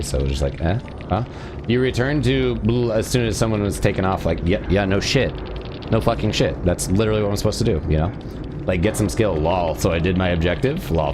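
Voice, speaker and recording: Brief: a profane, sneering male livestreamer with a low voice. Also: background noise. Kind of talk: live game stream rant.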